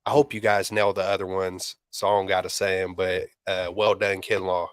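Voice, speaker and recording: A man's voice: deep voice, flat delivery, moderate pace, clear, resonant tone, dry recording. A man co-hosting a casual sports talk show, loose and slangy, often repeating himself. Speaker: podcast co-host.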